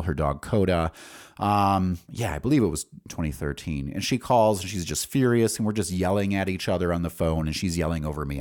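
A man's voice: low-pitched, a little mellow. A man in his forties hosting a podcast, telling a personal story in a rambling way full of fillers and restarts. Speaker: podcast host.

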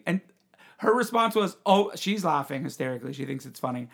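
A man's voice: on the high side, brisk, vocal fry. A young man hosting a podcast, telling a story in casual chat and acting out the voices of people in it. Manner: animated, acts out quoted voices and laughs often. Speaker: podcast host.

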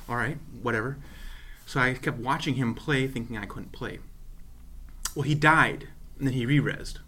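A man's voice: medium pitch, moderate pace, long pauses, husky. A man casually telling a funny story on a podcast, laughing and acting out the people in it. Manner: animated, laughing, acts out voices.

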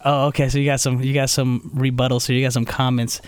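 A man's voice: medium pitch, level tone, fast, smooth, dry recording. A man in casual banter, playful and laughing easily as he runs through a list.

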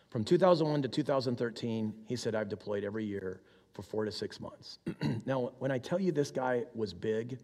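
A man of middle pitch preaching in a large hall whose long reverb trails each phrase. He tells a personal story in a conversational way, voicing the other people in it, and clears his throat often. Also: a little mellow. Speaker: military chaplain. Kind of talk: sermon storytelling.

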